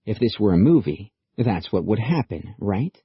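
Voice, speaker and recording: Male audiobook narrator, deep and husky, measured delivery, dry booth sound. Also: no echo. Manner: steady, measured storytelling. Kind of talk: scripted narration. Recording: dry, slightly dull audiobook recording.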